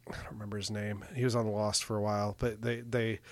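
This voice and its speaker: A man's voice: on the low side, level tone, quick pace, no room sound. Chatty podcast man, dry close sound. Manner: rambling, laughs often. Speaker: podcast co-host. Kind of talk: casual chat about a movie.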